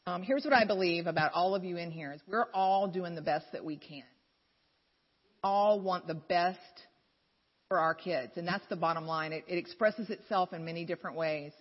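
A woman's voice: on the low side, moderate pace. A woman giving an encouraging faith-based talk to mothers in a large hall, telling candid stories in a conversational way with asides. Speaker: speaker at a mothers' gathering. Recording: dull, lo-fi recording in a reverberant hall.

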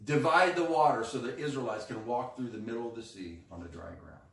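A male pastor preaching a sermon with animated, emphatic delivery, acting out quoted lines. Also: mid-range voice, a little fast, gravelly. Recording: echoey room, mic at a distance.

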